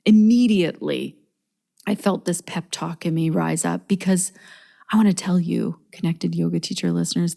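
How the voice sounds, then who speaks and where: This is a woman who hosts a yoga teachers' podcast, and she speaks in a casual, earnest, upbeat way. Her voice is fairly low and has a warm, mellow tone. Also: creaky. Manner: earnest, upbeat, laughs between thoughts. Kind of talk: casual solo podcast talk.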